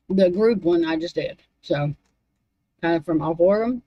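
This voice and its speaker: On a casual livestream, a woman with a lowish voice reads spiritual cards, talking to herself in a scattered way and swearing under her breath. Her desk microphone gives a lo-fi sound with no echo.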